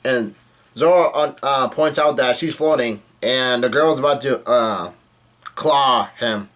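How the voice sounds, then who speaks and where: A man casually recapping a comic chapter, halting often with fillers and restarts. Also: medium pitch, a bit bright. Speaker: manga reader recapping a chapter.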